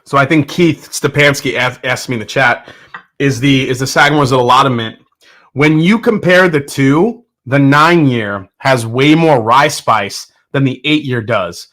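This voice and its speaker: The whiskey tasting livestream's host reads viewer comments and chats easily, speaking at a measured pace in a bright, forceful, medium-pitched voice. Upbeat and ready to make fun of himself, he works through his thoughts out loud.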